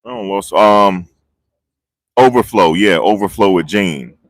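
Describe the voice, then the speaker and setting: A man vlogging live outdoors, talking in a rambling, excitable way and losing his train of thought. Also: low voice, unhurried, dry recording, clean studio sound. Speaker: vlogger reporting on a trial. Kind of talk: live casual street commentary. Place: outdoors outside a courthouse. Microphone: phone on a handheld gimbal.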